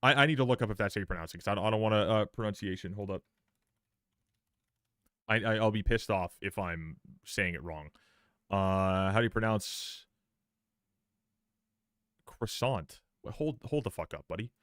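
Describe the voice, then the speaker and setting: A man's voice: lowish voice, a little fast, fairly bright tone, no echo, studio quality. A man streaming live, reacting to a game trailer in sarcastic, profane commentary, often repeating words and restarting his sentences.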